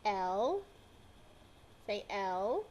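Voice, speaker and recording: A woman's voice: medium pitch, big pitch swings, very slow, darkish tone, poor audio. A woman, playing grandmother to a toddler at home, coaxes her to repeat words in a sing-song way and laughs often. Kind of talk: playful talk to a small child. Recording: home video with background noise.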